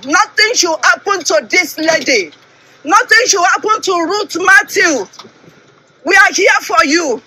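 A woman shouting accusations and repeated appeals while filming a phone livestream outdoors. She sounds emotional and near tears. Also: extremely high pitch, poor audio. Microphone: phone held while filming.

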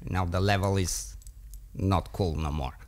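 A man with a fairly low voice talks slowly and deliberately in a podcast debate. He explains his case as a story and drops into the inner thoughts of his characters as he goes. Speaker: dog trainer debating on a podcast.

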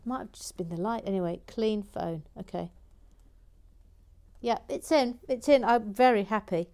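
A woman hosting a relaxed building video, chatting casually and often dropping to a whisper. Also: mid-range voice, a little slow. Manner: chatty, often drops to a whisper, rambling asides. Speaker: host.

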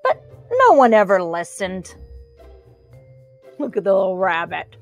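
A woman reading a picture book aloud to children, animated, with chatty asides and playful sound effects. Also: medium pitch, a little slow, highs cut off, faint music behind. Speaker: storybook reader.

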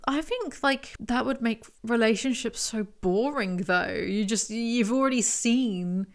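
A woman's voice: a little high, unhurried. A woman reviewing a book in casual commentary, making chatty, sarcastic asides between excerpts she reads.

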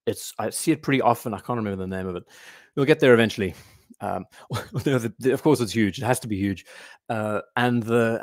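A man's voice: medium pitch, dry recording. A man hosts a casual livestream about watches, rambling and thinking aloud as he goes. He reads out and answers chat comments between his own remarks. His voice is recorded close and dry, with no room sound around it. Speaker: watch channel host.

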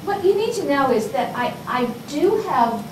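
A woman's voice: high-pitched, big pitch swings, normal speed. A Texas-raised woman in her sixties, a college instructor who gives an informal, rambling public lecture and talks straight to her audience. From Texas, USA. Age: 60s. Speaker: college instructor giving a talk. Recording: echoey room, distant mic, background noise.

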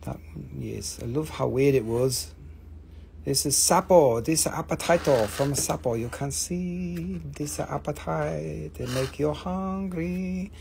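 A live-stream seller of rocks and crystals who talks in a casual, joking, profane and excitable way. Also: mid-range voice, slow, vocal fry, slight background noise. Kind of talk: casual live sales chat.

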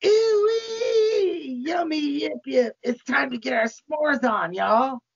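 A man's voice: extremely high pitch, slow pace. A man co-hosting a podcast, reading a comedy horror script with a campy, overacted delivery. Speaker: podcast co-host. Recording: dull lo-fi podcast audio.

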